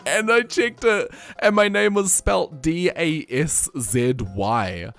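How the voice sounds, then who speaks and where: A young man from New Zealand with a New Zealand accent, a streamer telling stories in casual chat, laughing often and jumping up in pitch when excited. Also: measured pace, few pauses, smooth. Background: faint music.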